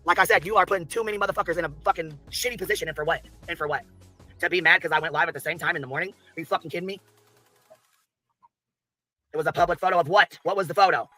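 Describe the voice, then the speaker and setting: A man's voice: fairly high pitch, racing, pushed and bright, soft background music. A man ranting angrily on a livestream clip, heated and confrontational, swearing constantly. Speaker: streamer ranting in a played clip. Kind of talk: angry livestream rant.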